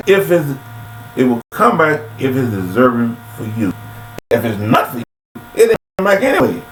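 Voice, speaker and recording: A man's voice: medium pitch, sing-song, normal speed, a bit bright. A grown man giving a casual motivational monologue into a webcam, repetitive and preachy, full of rhetorical questions. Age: adult. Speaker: motivational speaker. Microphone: computer webcam mic. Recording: echoey room with faint mains hum.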